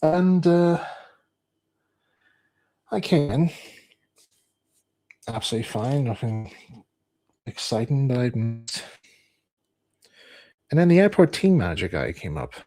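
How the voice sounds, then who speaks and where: A man's voice: mid-range voice, very animated, takes it slowly, long pauses, dark tone. A man streaming, telling a rambling personal anecdote and acting out other people's lines in a raised voice.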